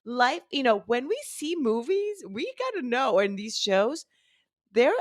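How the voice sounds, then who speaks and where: A woman's voice: on the high side, big pitch swings, measured pace. A woman hosting a podcast, chatting casually and jumping in with playful comments. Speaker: podcast host. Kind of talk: casual interview chat.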